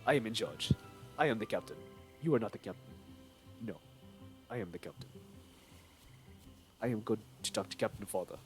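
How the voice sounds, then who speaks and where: A man putting on a deep, slow, mock-bossy voice as a pompous self-declared ship captain, joking during a game stream. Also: close to an everyday voice.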